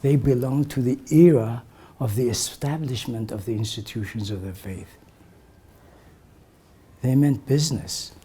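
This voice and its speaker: An older man recalling memories for a gathering in a slow, reflective way, his voice often sinking to a soft, breathy near-whisper. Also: mid-range voice. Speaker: community elder sharing memories. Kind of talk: reminiscing talk to a gathering.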